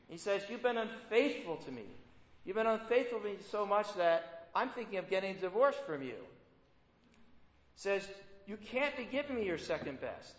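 A man with a high voice preaches a conversational sermon and keeps turning to his listeners with questions. His voice rings through an echoey hall with a long reverb tail. The recording sounds dull and lo-fi. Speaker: pastor.

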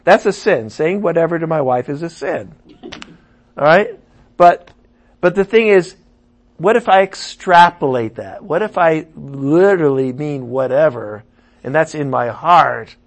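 A man preaching a sermon, animated, swinging from loud emphasis to muttered asides. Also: fairly high pitch, a little slow.

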